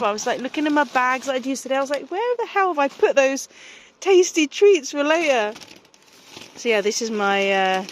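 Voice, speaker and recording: A woman's voice: medium pitch, fairly bright tone, slight background noise. A woman talking casually to camera from inside her camper van, chatty and swearing freely. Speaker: vlogger. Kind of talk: casual vlog chat.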